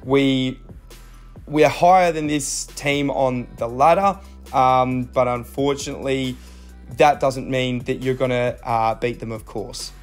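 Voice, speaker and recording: A young Australian man chats casually over his own game footage in a mid-range, fairly even, unhurried voice, with soft music in the background. He mixes coaching tips with self-deprecating asides and lots of fillers.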